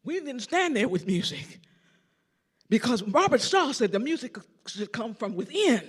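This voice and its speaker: An older man tells stories from the stage of a big concert hall, his voice riding high and swooping all over the place. He is a church organist and choir director, animated, singing little bits of tunes as he goes. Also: measured pace, breathy edge. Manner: animated, sings snippets and acts out quotes. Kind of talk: storytelling lecture.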